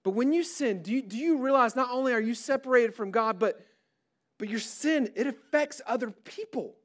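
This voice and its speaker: Middle-aged male pastor, very high voice, preaching to a big crowd on a stage mic, emphatic and drawn out. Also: lively intonation. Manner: preaching with rising emphasis, drawn-out stressed words. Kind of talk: sermon. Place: large hall before a crowd.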